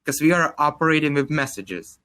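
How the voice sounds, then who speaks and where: A Russian-accented man in his twenties co-hosts a casual podcast chat, rambling, saying "like" constantly and swearing offhandedly. His fairly high voice is expressive, brisk, pushed and bright.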